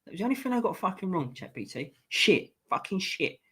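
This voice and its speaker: Sweary, lively man hosting a stream. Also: high-pitched, fast talker, breathy edge. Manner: sweary, chatty, reacting to viewer comments. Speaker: livestream host reading chat. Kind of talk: casual live chat.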